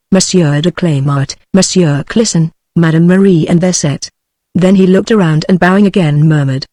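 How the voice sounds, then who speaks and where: A woman's voice: on the low side, no echo. Synthetic British woman reading a novel. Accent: British English. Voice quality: even, mechanical reading that sometimes reads out punctuation. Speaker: audiobook narrator. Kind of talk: synthetic audiobook narration.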